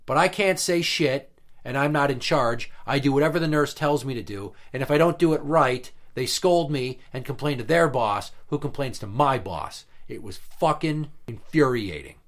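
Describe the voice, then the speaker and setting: A man in casual podcast chat, venting about an old job in a blunt, profane way, with heated emphasis. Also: mid-range voice. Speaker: podcast guest telling work stories.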